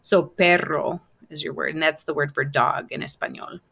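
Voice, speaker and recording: Woman teacher, recorded online lesson, low voice, bright tone, slow patient dictation. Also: steady tone, creaky, slightly rough. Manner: slow, patient spelling out of letters with repeats. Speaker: Spanish teacher.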